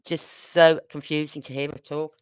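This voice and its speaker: A woman's voice: sits low, flat delivery, moderate pace, clean tone, no room sound, clean studio sound. An older woman from Birmingham with a Brummie accent, hosting a livestream in a rambling, chatty way with exasperated asides. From Birmingham, England. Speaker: true crime livestream host. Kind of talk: casual chat.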